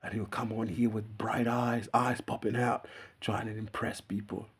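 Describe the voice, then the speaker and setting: Young male YouTuber, lower voice, unscripted rambling, casual swearing, frequent chuckles. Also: flat delivery, moderate pace, slightly rough. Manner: loose, meandering, laughs often, swears casually.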